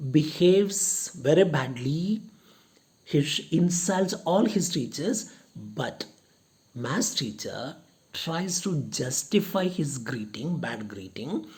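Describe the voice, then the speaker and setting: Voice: mid-range voice, a little mellow. A lecturer explaining a play to students, going over each point again and again with strings of synonyms. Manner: slow, repeats points with lists of synonyms.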